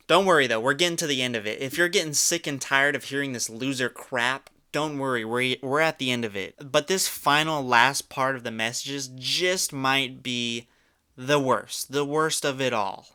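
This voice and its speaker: Bright, crisp-voiced young man ranting. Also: medium pitch, normal speed. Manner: incredulous, mocking, swears a lot. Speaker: commentary YouTuber. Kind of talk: reaction commentary.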